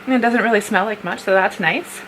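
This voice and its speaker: A woman's voice: medium pitch, fairly quick. A young woman from North America chatting casually as she unboxes a gift box, often laughing and squealing at cute things. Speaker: vlogger. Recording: noisy home recording.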